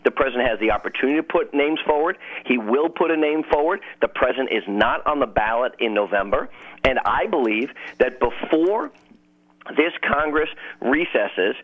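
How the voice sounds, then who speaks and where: Male phone-in guest, measured and deliberate, mid-pitched, heard through a tinny phone line. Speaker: political guest. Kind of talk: phone-in radio interview.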